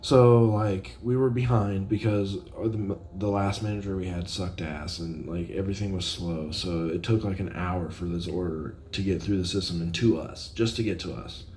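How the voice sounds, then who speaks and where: A man's voice: low voice, steady tone, normal speed, few pauses, a little mellow, a little hiss or hum. A man co-hosting a casual podcast, telling a story in a laid-back, rambling way with lots of swearing and filler words. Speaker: podcast co-host. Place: informal home podcast setup.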